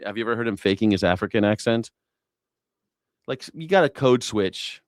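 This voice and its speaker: A man's voice: lowish voice, animated, normal speed, dry recording, clean studio sound. Profane sarcastic male commentator. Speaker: host. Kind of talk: news reaction commentary.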